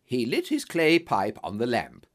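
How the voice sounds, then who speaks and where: Man narrating with a very animated pitch. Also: measured pace. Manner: expressive, dramatic reading. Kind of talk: scripted storybook narration.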